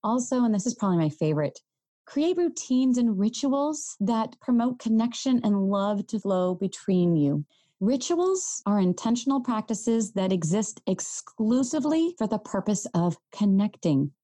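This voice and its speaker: A woman in her thirties hosting a parenting podcast, talking earnestly and gently straight to her listeners. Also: medium pitch, sing-song, normal speed, dry recording. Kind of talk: solo podcast talk.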